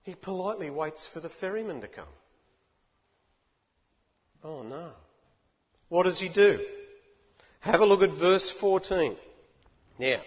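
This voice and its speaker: A man preaching a sermon in an animated, emphatic way, building up to shouts. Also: fairly high pitch, husky. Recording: echoey hall, dull lo-fi.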